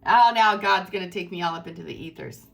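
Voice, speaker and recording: A woman's voice: fairly low pitch, a little fast, vocal fry, fairly bright tone, faint music behind. A woman giving a tarot reading to her viewers in an effusive, rambling, spiritual way. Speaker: tarot reader.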